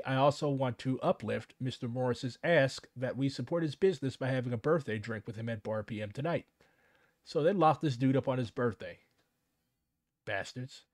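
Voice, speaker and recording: A man's voice: medium pitch, darkish tone, no echo, clean studio sound. A man giving casual live commentary on a news story, sardonic and swearing freely as he reads statements aloud.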